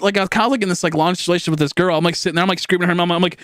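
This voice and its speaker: A young man streaming live, telling a long story in a rambling, animated way with lots of fillers and swearing, acting out his own shouts. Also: sits high, very fast, few pauses, no echo, clean studio sound. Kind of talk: casual storytelling to a live chat.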